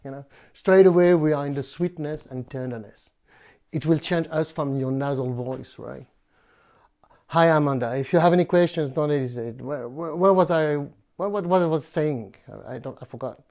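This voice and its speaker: A man from France with a French accent, hosting a bonsai video in a playful, halting way with many fillers. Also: fairly high pitch, darkish tone. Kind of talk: casual presentation.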